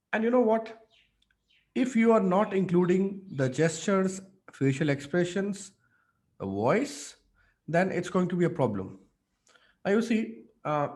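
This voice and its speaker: A male public speaking coach leads an online mentorship session. His voice sits a little high for a man, and he talks with eager, demonstrative energy, peppered with fillers. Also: darkish tone.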